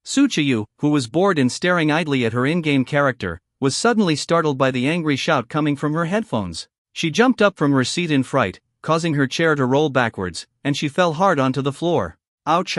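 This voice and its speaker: A man narrating a comic story recap in a brisk storytelling manner. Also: fairly high pitch, fairly bright tone, no echo, studio quality.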